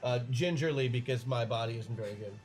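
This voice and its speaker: A man's voice: medium pitch, a little fast, faint music behind, poor audio. A man playing a tabletop role-playing game, asking questions and making jokes. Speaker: player.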